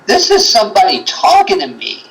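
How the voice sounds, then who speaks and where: Animated rambling male storyteller. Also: high voice, moderate pace, low-quality recording. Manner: rambling, with lots of fillers and acted-out quotes. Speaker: guest, paranormal investigator. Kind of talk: animated storytelling in a livestream chat.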